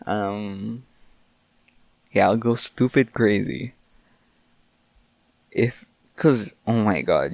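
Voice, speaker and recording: A man's voice: on the low side, slow pace, gravelly, long pauses, a little mellow, no echo. A young man hosting his own podcast, rambling through a mock-angry, joking rant. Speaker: podcast host. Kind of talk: solo casual podcast rant.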